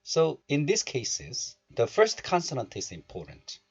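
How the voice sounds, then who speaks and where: A man teaching Korean pronunciation in a recorded lesson. He explains step by step and repeats syllables slowly for learners. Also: fairly high pitch, huge pitch swings, husky, muffled recording.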